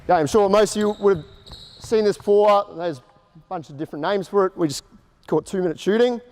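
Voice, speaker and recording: A man with a fairly high voice runs a basketball coaching clinic, talking players through drills in short, casual instructions and quick called-out cues. His voice rings with the long reverb of a big indoor gym. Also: a little mellow. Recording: echoey gym hall reverb.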